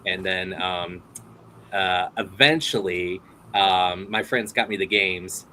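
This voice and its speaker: A man's voice: sits low, slow, sharp tone, slight background noise, low-quality recording. A man hosting a casual interview, telling rambling stories full of fillers and laughs. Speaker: host.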